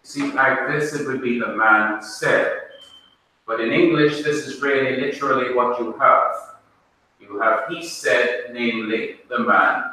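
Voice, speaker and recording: A man with a Jamaican accent teaching a language class in a classroom, speaking deliberately and quizzing his students with questions. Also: medium pitch, sharp tone, slight background noise. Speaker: Bible teacher. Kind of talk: classroom lecture. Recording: echoey room, mic far off.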